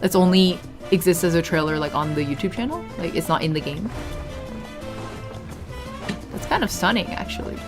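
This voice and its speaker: A young woman casually chatting while streaming a video game. She talks in a chatty, easily distracted way, with bursts of excited exclamations. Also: fairly low pitch, normal speed, pauses often, over music. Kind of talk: casual live gameplay commentary.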